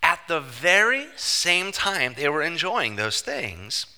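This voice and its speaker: Animated preacher man, ringing hall. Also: fairly high pitch, slow. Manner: emphatic, animated preaching with joking asides. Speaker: pastor. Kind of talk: sermon. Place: church sanctuary. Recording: long church-hall reverb.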